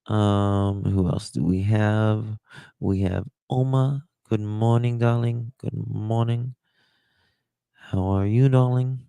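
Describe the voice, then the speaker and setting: Slow gravelly man hosting a livestream. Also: fairly low pitch, steady tone, dark tone, no echo. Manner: greets chatters one by one, candid and profane. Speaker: livestream host. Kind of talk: casual live-stream chat.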